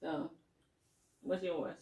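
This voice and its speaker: A woman's voice: drawn-out words, distant mic. A woman hosting a family mukbang at home, chatting and laughing between bites. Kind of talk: casual family chat while eating. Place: home dining area. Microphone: phone set at a distance. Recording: echoey room, phone mic away from her, faint noise.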